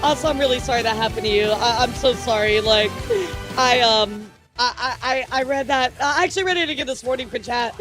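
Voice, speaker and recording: A woman streamer chatting casually through the news with her viewers, rambling and excitable, often stammering and swearing. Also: a little high, brisk, soft background music.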